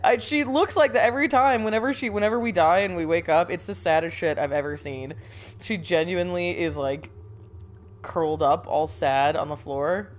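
This gaming streamer, a young woman with a mid-range voice, plays a horror game while reacting in a jumpy, nervous way. She swears often, laughs through her fright, and is slightly sniffly after a recent cold.

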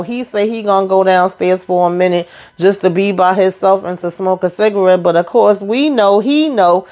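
A woman's voice: medium pitch, darkish tone. A woman casually recapping a reality TV episode for her viewers, chatty and slangy, with sassy asides to the audience. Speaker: TV recap YouTuber.

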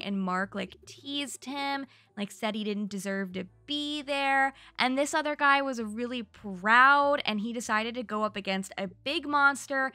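Young woman, gaming vlogger, slightly high, crisp and dry, chatty storyteller. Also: dry recording. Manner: chatty, gushing, animated storytelling. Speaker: gaming YouTuber. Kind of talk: narrated gameplay recap.

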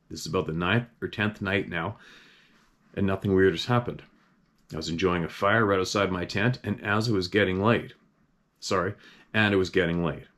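A young adult man reading out a first-person camping story in an earnest, steady way, with small slips and restarts. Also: low-pitched. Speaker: host reading a viewer's story.

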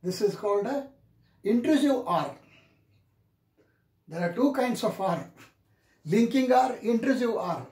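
A man teaching English pronunciation in a classroom lecture, saying each example word several times in a drawn-out, deliberate way. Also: extremely high pitch, animated, a little mellow. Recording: echoey room.

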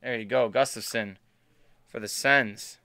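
A man's voice: mid-range voice, fairly even intonation, a little slow, sharp tone, clear, resonant tone, dry recording. A man hosting a live card break stream, chatting casually and bantering with viewers as he opens packs. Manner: chatty, upbeat, banters with chat.

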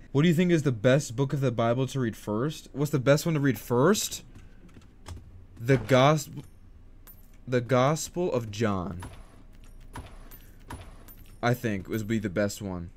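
A man's voice: mid-range voice, a little slow, pauses often, a little mellow, slight background noise. A man giving casual commentary on a video game, hyped and talkative, rallying his viewers and goofing around. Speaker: gaming streamer.

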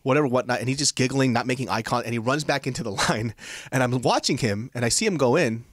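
A man in his thirties co-hosting a podcast, telling a story in an expressive, blunt and laughing way. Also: medium pitch, quick pace, no echo, clean studio sound. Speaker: podcast co-host.

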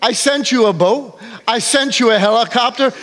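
A man's voice: very high voice, normal speed, a bit bright, voice pushed up. A man voicing God in heaven as an exasperated, reasoning figure. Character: patient God speaking from heaven, male.

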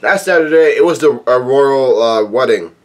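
A man with a voice of middling pitch reads a comic chapter aloud in a relaxed, casual way. He keeps breaking off from the text to drop in quick, offhand remarks of his own. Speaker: manga chapter reader and commentator. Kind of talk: casual reading with commentary.

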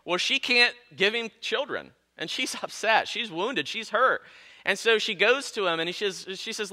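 A male pastor preaching a sermon in a lively, conversational way, with self-deprecating jokes. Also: high-pitched, moderate pace.

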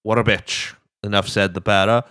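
A man's voice: lowish voice, level tone, normal speed, bright, forceful tone, dry recording, clean studio sound. A young man hosting a podcast in casual chat, rambling and jokey and swearing freely. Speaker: podcast host.

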